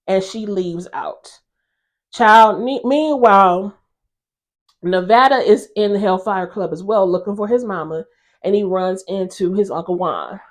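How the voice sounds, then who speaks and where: A woman hosting a casual episode recap, chatty and expressive as she retells the characters' quarrels. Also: medium pitch, a little slow. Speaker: host recapping a TV drama episode.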